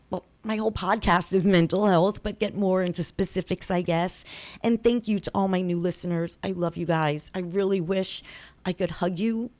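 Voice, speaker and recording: A woman's voice: on the low side, a little mellow. A woman in her forties hosting a motivational podcast, talking in a candid, chatty and emphatic way. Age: 40s. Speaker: podcast host. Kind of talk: motivational monologue.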